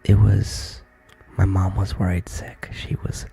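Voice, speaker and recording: A young man talking in soft, halting whispers in a whispered role-play stream, from his barracks room. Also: low-pitched, completely flat delivery, creaky, breathy edge, faint music behind.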